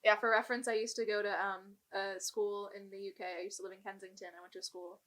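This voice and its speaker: A young woman co-hosting a podcast, in a medium-pitched voice. She talks bluntly and casually, with lots of "like" fillers and the odd swear word. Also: level tone, quick pace, a bit bright. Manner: blunt, chatty, filler-heavy. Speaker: podcast co-host. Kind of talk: casual chat.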